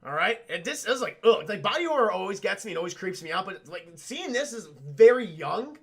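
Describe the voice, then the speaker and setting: A man recaps a film live for his stream chat, animated and full of profanity. His voice sits high with a gravelly edge, and his tone is bright and forceful. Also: brisk. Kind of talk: casual film recap livestream.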